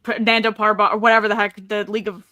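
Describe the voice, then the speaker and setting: A woman's voice: mid-range voice, flat delivery, rapid-fire, crowd noise. A woman telling a playful story in casual chat on a live stream. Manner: chatty, playful, laughing storyteller. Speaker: streamer panel guest, YouTuber.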